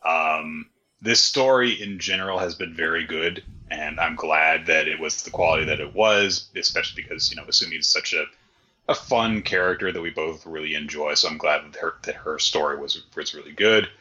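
A man's voice: extremely low pitch, normal speed, sharp tone. A man co-hosting a casual chat, giving laid-back commentary on a story. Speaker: podcast co-host. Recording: slightly dull, lo-fi sound.

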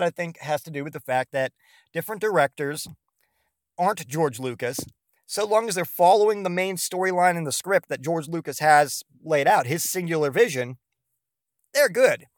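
Male podcast host, profane rambling monologue, higher-pitched, dry recording. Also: no echo. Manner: profane, rambling, animated retelling.

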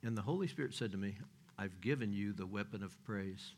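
A man's voice: lowish voice, a little fast, creaky, a little mellow, slight background noise. An older man preaching a sermon in a folksy, joking way, with loose restarts and chuckles.

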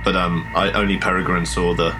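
A man's voice: low-pitched, flat delivery, a little fast, over music, poor audio. A man narrating a tabletop horror game as game master, hesitant, with many fillers and restarts.

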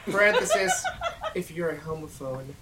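A woman's voice: low-pitched, wildly swooping pitch, normal speed, heavy background noise. A woman podcast host reading fan fiction aloud in a giggly, theatrical way at home in a dining room. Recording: echoey room, mic at a distance.

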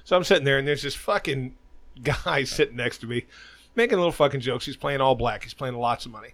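Speaking a little fast with a medium, slightly bright voice, a middle-aged man hosts a podcast and tells a meandering, expletive-heavy story. It's casual chat, recorded without echo.

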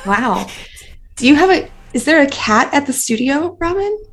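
A woman co-hosting a podcast in casual chat, talkative and quick to laugh, with a lot of "like" in her speech. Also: sits high, very animated. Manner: chatty, laughs easily, lots of "like". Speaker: podcast co-host and dance studio owner.

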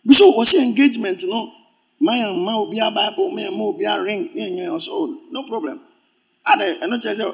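A man preaching a sermon as pastor, swinging from loud exclamations to quiet asides. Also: sits high, fairly quick, husky.

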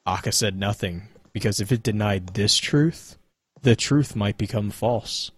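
A man reading a dark myth aloud in a measured, solemn storytelling manner. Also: lowish voice, breathy edge, no echo. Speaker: lore reader.

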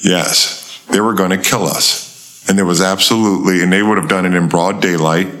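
A man as an interview guest, telling a tense life story in a casual, animated way and acting out the voices of people he quotes. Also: normal speed. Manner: animated storyteller, acts out quoted voices in a higher pitch, swears freely.

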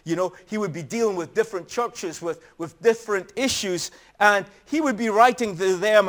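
A man's voice: sits high, fairly bright tone. A middle-aged man preaching a sermon in an earnest, emphatic storytelling manner.

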